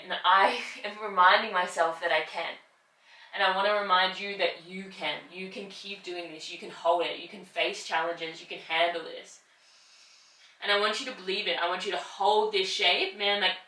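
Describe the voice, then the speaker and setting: Holding each pose alongside her students, a woman teaching yoga sounds pushed and bright at medium pitch, urging the listener on, working through the strain and laughing about it. She's far from the mic in an echoey room, and the recording is rough.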